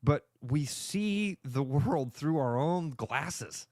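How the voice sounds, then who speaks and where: A male sports radio co-host in casual chat, animated, acting out fans' reactions in quick voices. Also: on the high side, no room sound, clean studio sound.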